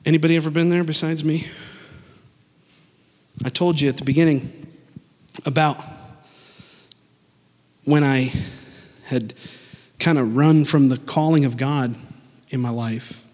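A pastor preaching a sermon in church, animated and emphatic, speeding up and slowing down and swinging between loud and soft. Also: male voice, fairly high pitch, in a large hall. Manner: animated, emphatic preaching with sudden shifts in pace and loudness.

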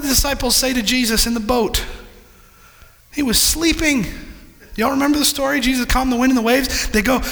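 Guy preaching a sermon, high bright voice, swells up to shouting, long echo like a church hall. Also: brisk, creaky, faint music behind. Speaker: pastor.

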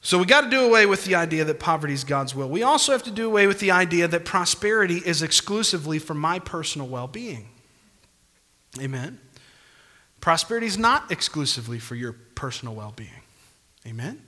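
A man's voice: fairly high pitch, lively intonation, a little fast, sharp tone. A man pastor preaching a sermon emphatically, punctuating points with calls of amen, in a church hall. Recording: long church reverb.

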